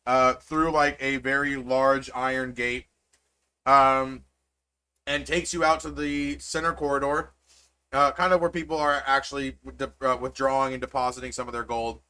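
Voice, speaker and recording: A man's voice: medium pitch, steady tone, normal speed, bright, forceful tone, clean tone. A man narrating as game master in a tabletop game, rambling and full of fillers.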